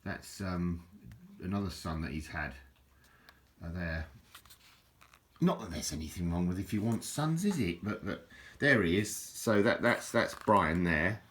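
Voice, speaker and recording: Chatty, rambling bloke with a low voice. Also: male voice, measured pace, a bit bright. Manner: rambling, chatty, self-deprecating, many restarts and fillers. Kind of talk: casual rambling book show-and-tell.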